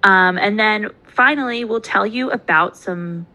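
A young woman co-hosts a casual podcast with a bright, crisp voice. She is chatty and upbeat and laughs easily. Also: mid-range voice, measured pace, rough recording. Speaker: podcast co-host.

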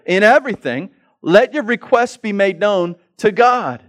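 Male pastor with a high voice, preaching a sermon that swings between hushed and impassioned. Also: lively intonation, moderate pace. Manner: swings from quiet reflection to loud, rising passion; acts out inner voices and prayers.

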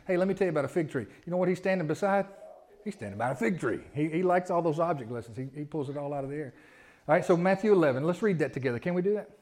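A man's voice: fairly high pitch, a little mellow. A man pastor, preaching a folksy sermon that repeats words and builds with rising emphasis. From Southern United States.

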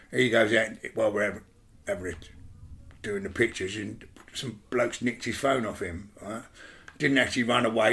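A middle-aged man telling a rough story in an interview, swearing freely and checking in with "right?". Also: medium pitch, a bit bright. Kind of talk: animated storytelling.

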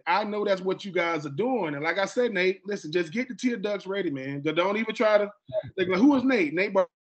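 A man from Georgia, hosting a casual podcast chat and acting out quoted dialogue with lots of restarts. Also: high-pitched. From Georgia, USA. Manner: animated, acts out quoted dialogue; repeats and restarts often. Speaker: podcast host.

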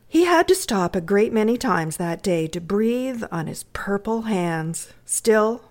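A woman from Canada reading a classic short story aloud, measured and expressive. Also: on the low side. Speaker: reader.

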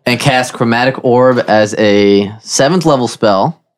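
A man's voice: medium pitch, measured pace, clear, resonant tone. A man playing a tabletop game, talking through his spells and dice math in a casual way. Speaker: player.

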